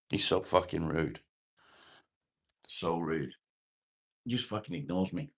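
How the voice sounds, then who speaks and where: A middle-aged man with a very low, deep voice chats on a live stream. He reads viewer comments in a laid-back manner, unhurried and slow, and swears freely. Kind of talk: casual live-stream chat.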